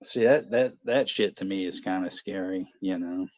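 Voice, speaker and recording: A man's voice: low-pitched, moderate pace. A man hosting a movie watch party stream, chatting casually, rambling, swearing a lot and laughing often. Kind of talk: casual livestream chat.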